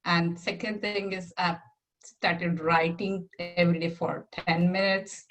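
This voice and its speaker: A woman whose first language is not English shares her weekly plan in a casual video call, hesitant and soft-spoken, with many fillers. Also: lowish voice, little pitch movement, unhurried, rough recording. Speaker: community member sharing weekly plan.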